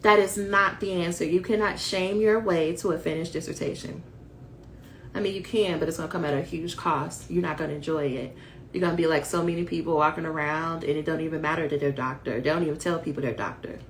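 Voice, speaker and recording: A woman's voice: sits low, steady tone, fairly quick, a little hiss or hum. A woman coaching dissertation writers on a livestream, speaking emphatically and calling her viewers "y'all" as she rants and encourages them. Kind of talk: motivational livestream talk to viewers.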